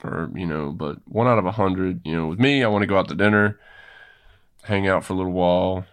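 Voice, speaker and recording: Man, Southern US accent, very low deep voice, gravelly rumble, blunt casual podcast guest. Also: fairly quick. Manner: blunt and plainspoken. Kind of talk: casual chat.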